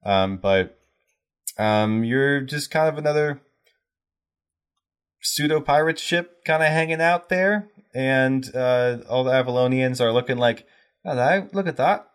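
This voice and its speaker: A man's voice: mid-range voice, steady tone, unhurried, smooth. A man narrating as game master, playful and laughing often.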